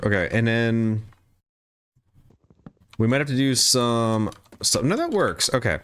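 A man's voice: medium pitch, lively intonation, measured pace, fairly bright tone, smooth. A man streaming a game live, chatting casually, laughing often and greeting viewers.

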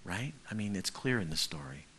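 A man's voice: sits low, expressive, a little fast, bright, forceful tone, husky. A male pastor preaching a conversational sermon who keeps checking in with the congregation.

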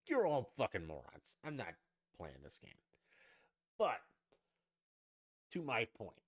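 A man hosting a solo podcast, ranting in a profane, sarcastic and argumentative way. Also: lowish voice. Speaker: podcast host.

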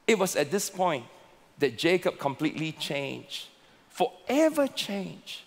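Slow, lively high-voiced man preaching. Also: gravelly. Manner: slow, emphatic preaching with repeated words and swelling emphasis. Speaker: pastor. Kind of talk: sermon. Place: large church auditorium. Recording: long reverb of a large hall.

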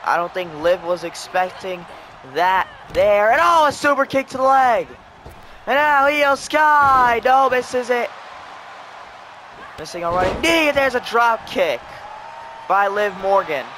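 A man calling a wrestling video game match play by play, excitable and breaking into shouts at the near-falls. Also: very high voice, takes it slowly, slight background noise. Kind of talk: play-by-play commentary.

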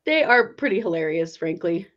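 Lively woman co-host on a dull line. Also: lowish voice, normal speed. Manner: animated, laughs often, gets riled up. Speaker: podcast co-host. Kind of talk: casual chat.

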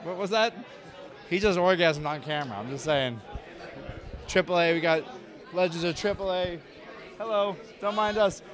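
Upbeat high-voiced man touring a convention. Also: moderate pace, pauses often, fairly bright tone, a faint crowd. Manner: upbeat, joking, banter with fans. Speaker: host. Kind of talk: casual convention tour chat. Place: busy indoor convention floor. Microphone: mic on a camera carried by a crew member.

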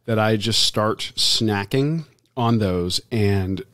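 A man's voice: on the low side, takes it slowly, fairly bright tone, dry recording, clean studio sound. A man co-hosting a podcast, easygoing and agreeable in a casual chat about food. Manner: easygoing, agreeable, repeats words. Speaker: podcast co-host.

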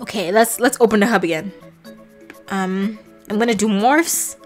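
A young woman reacting loudly while playing a game, laughing and shrieking in playful shock. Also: mid-range voice, normal speed, faint music behind. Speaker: gaming vlogger.

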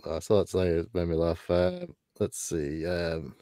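A man's voice: sits low, steady tone, measured pace, warm tone, dry recording, clean studio sound. A man from the East Midlands, co-hosting a casual chat in a rambling, laid-back way. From England, East Midlands. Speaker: co-host.

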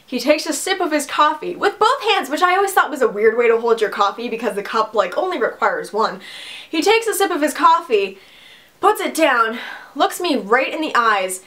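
Animated sarcastic young woman vlogger. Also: sits high. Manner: animated, sarcastic storytelling with laughs. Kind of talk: casual storytime vlog. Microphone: camera mic.

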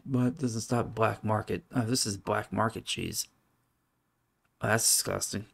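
A man's voice: fairly low pitch, fairly even intonation, unhurried, creaky, fairly bright tone, a little hiss or hum. A man vlogging casual reaction commentary, blunt and swearing, skimming and reading aloud with open disgust. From United States.

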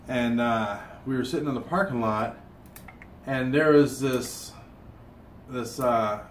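Southern man rambling in a roomy hotel room. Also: mid-range voice. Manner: rambling, many restarts and fillers. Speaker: cooking vlogger. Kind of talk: casual chat while cooking. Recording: roomy, distant mic, faint room hum.

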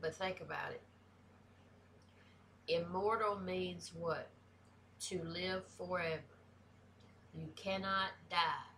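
A woman's voice: lowish voice, takes it slowly, pauses often, sharp tone, slight background noise. A woman with a Southern US country accent, talking casually and bluntly as she reacts to a video, swearing freely. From American South.

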